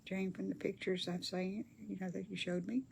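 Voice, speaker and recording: A woman's voice: mid-range voice, fairly even intonation, normal speed, vocal fry, darkish tone, a little hiss or hum. An older woman chats casually with viewers during a craft livestream, reading their comments aloud in a folksy way. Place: home craft table.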